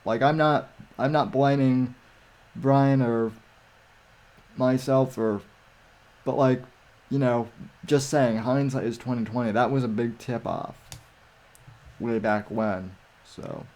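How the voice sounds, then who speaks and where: Slow, rambling man on a stream. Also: mid-range voice, steady tone, darkish tone. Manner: rambling, many restarts and fillers. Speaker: co-host of a live stream. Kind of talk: casual stream chat.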